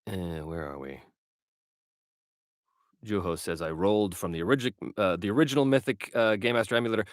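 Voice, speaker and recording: A man's voice: fairly low pitch, animated, a little fast, no room sound, studio quality. A man hosting a casual livestream, chatting and answering viewer questions with lots of fillers. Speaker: livestream host and game master. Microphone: webcam livestream setup.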